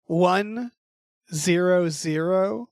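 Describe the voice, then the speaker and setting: A podcast co-host with a high, darkish voice drags out his words in casual chat. He rambles hesitantly, full of fillers and restarts, in a dry, studio-quality recording.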